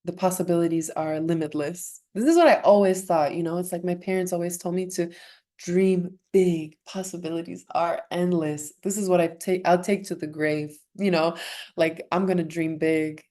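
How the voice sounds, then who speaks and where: Earnest young woman, soft mellow voice. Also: on the low side, fairly even intonation, normal speed. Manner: earnest, emotional, laughs often, restarts and repeats words. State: emotional, close to tears. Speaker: podcast guest, former competitive swimmer. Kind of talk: heartfelt conversational interview.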